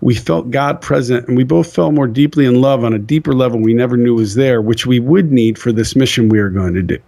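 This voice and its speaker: An earnest man in a mid-range voice shares a personal faith story with a guest speaker's conviction. He speaks plainly and sincerely, pausing and restarting as the story moves him. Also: mid-range voice, creaky, mellow. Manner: earnest, acts out quoted voices.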